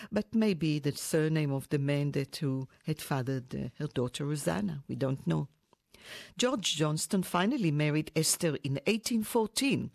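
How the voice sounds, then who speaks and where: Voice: medium pitch, no echo, clean studio sound. A presenter giving an informal history talk, speaking unscripted with fillers and self-corrections.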